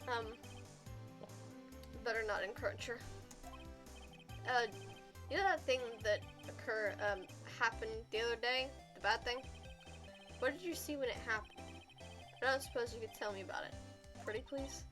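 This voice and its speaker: A woman's voice: a little high, moderate pace, long pauses. A woman streamer reading game dialogue aloud in a casual, playful way, with hesitant fillers. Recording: game music behind.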